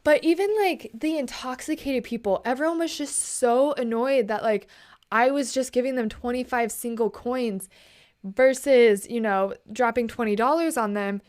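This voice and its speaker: Chatty young woman, smooth higher voice. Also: moderate pace, darkish tone. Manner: chatty, indignant, slangy storytelling; keeps her voice down. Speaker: vlogger. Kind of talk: casual late-night chat.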